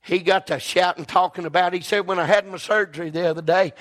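A middle-aged preacher with a drawl and a strikingly high voice. He delivers his sermon with fervor, repeating phrases in a rolling rhythm and climbing into shouts. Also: fairly even intonation, fast. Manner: fervent, rising into shouts with rhythmic repetition.

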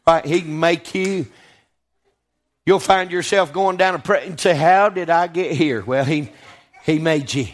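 A man with a high, light voice preaching a sermon. He leans on call-and-response, keeps checking in with his listeners, and drags out scripture lines for weight before climbing to emphatic peaks. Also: a little slow. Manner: call-and-response preaching, frequent "Right?" and "Amen".

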